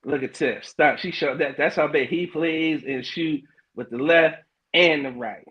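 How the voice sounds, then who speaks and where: A middle-aged man hosting a podcast livestream in casual chat, loose and hyped, with lots of slang, fillers and quick laughs. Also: on the high side, highs cut off. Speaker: podcast host.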